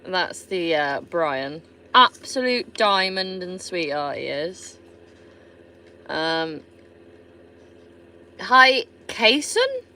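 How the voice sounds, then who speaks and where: A woman's voice: fairly low pitch, very animated, very slow, long pauses, pushed and bright, slight background noise. A woman from England with a Somerset accent, chatting casually and swearing freely on a live stream while she answers viewer comments. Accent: Somerset English. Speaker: livestreamer.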